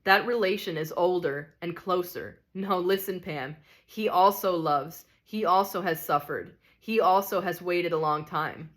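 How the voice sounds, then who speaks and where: A woman reading an audiobook, voicing a gentle male spirit who reasons with calm, measured patience. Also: lowish voice, close to an everyday voice. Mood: patient.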